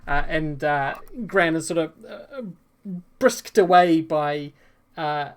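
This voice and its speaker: Brief: female GM, deep for a woman, loose rambling narration. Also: slow, clear, resonant tone. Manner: rambling, many fillers and self-corrections. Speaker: game master. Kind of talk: narrating a tabletop game.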